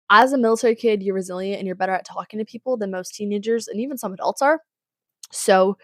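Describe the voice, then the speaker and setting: Teen girl rambling thru advice on her podcast, lots of sighs, mid pitch, super dry sound. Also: dry recording. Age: teens. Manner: chatty, rambling, with sighs and exasperated asides. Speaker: podcast host. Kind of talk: casual advice monologue.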